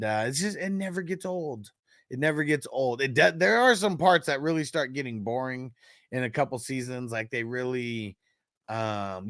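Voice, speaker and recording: A man's voice: medium pitch, dry recording, clean studio sound. Laughing, swearing man on a stream. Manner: animated, laughs often, swears freely. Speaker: fantasy football streamer. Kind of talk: casual live-stream chat.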